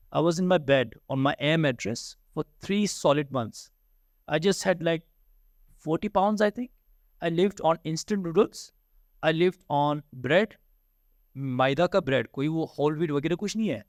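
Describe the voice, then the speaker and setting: A middle-aged man from Ladakh speaks as a teacher, pitched a little above most men. He tells personal stories and asks rhetorical questions, mixing in Hindi phrases. The sound is dry and close. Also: no room sound. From Ladakh, India. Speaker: Buddhist teacher giving a talk. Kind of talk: motivational talk with personal stories.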